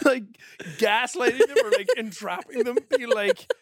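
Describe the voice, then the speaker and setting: A man's voice: very high voice, very animated, moderate pace. A young man co-hosting a podcast, chatting casually and acting out silly voices with lots of giggling. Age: young adult. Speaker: podcast co-host. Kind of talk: casual chat.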